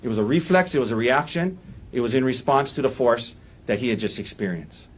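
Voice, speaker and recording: A man giving a defense opening statement in a courtroom, walking the jury through events in an earnest, halting way with frequent restarts. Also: mid-range voice, animated. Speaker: defense attorney.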